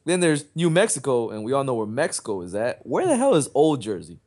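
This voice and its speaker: A man hosting a podcast in casual chat, joking with drawn-out, teasing delivery. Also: mid-range voice, big pitch swings, darkish tone. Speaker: podcast host.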